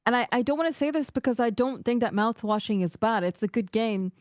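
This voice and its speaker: A woman's voice: fairly high pitch, expressive, brisk, dry recording, clean studio sound. A woman streamer in casual chat, talking through her opinions in a thoughtful, candid way.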